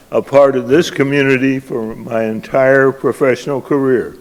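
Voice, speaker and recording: A man's voice: mid-range voice, darkish tone. An older man giving an award acceptance speech, a folksy, self-deprecating storyteller at a podium. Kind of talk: after-dinner speech with folksy jokes. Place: large banquet hall. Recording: long reverb of a banquet hall.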